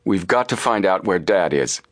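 A man's voice: sits low, lively intonation, normal speed. A man reading a storybook voices a determined teenage boy detective who talks firmly and tensely. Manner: firm, tense.

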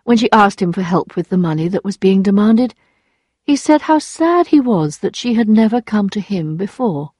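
A woman narrating an audiobook in a steady, measured storytelling voice. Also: medium pitch, husky, no echo, clean studio sound.

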